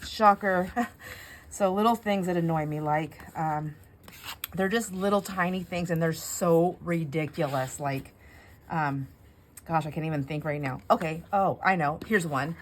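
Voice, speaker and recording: A woman's voice: low-pitched, measured pace, slight background noise. A middle-aged woman vlogging casually while she crafts, rambling and talking to herself with many fillers. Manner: rambling, self-talk with fillers and laughs.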